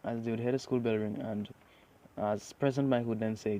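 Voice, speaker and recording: A man's voice: fairly low pitch, steady tone, brisk, mellow, slight background noise. A man narrating an improvised fan story, rambling with many restarts.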